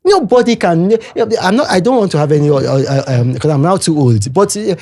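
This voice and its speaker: An older man with a Nigerian accent, a podcast guest talking in an emphatic, animated way and repeating his points. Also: a little high, fairly quick. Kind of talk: casual podcast chat.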